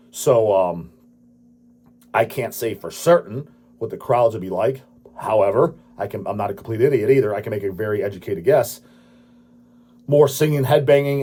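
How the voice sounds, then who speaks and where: Husky man ranting with heavy swearing. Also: mid-range voice, darkish tone. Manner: crude, swearing, dismissive ranting. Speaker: channel host answering viewer questions. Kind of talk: profane ranting casual talk.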